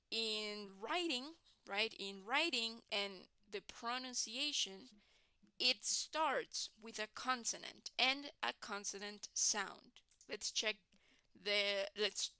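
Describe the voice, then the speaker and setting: Woman teacher, talks real slow, bright clear voice, keeps saying right guys. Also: a little high, dry recording. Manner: repeats "right, guys?" often, restarts and repeats words. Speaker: English teacher. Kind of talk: slow classroom explanation.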